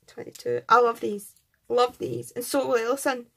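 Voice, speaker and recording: A woman's voice: high voice, slow pace, vocal fry, slightly rough. A Scottish woman hosting a craft channel, chatting casually and gushing as she unboxes and counts items aloud. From Scotland.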